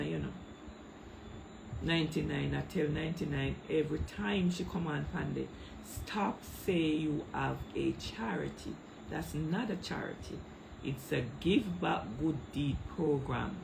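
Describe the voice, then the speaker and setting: A woman's voice: sits low, gravelly, noisy background. A middle-aged woman with a Jamaican accent, speaking Patois in a heated, tearful livestream rant, calling out viewers by name into a phone. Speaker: social media livestreamer.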